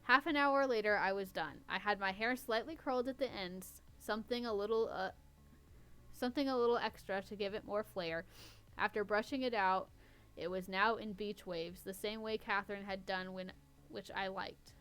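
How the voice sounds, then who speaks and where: A woman podcast host reads an amateur story aloud in a smooth, clear voice. She keeps stopping for wry, teasing remarks about the writing. Faint music plays underneath. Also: medium pitch, moderate pace, a bit bright. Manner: wry, stops to mock the writing. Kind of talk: casual reading with running commentary.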